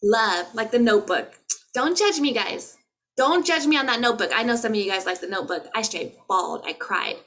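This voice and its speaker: A woman's voice: a little high, animated, fairly quick, a bit bright, poor audio. A woman, a spiritual healer, talking to her viewers in a casual, earnest and motivational way, recorded on a laptop mic. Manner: earnest, motivational, with chanted light language. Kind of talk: casual spiritual vlog talk.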